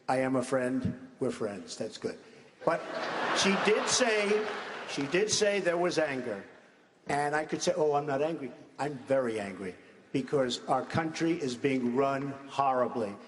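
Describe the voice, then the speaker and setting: A man's voice: on the high side, background noise. A man speaking as a candidate in a political debate, blunt and conversational, repeating his points plainly. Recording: live in large hall with audience.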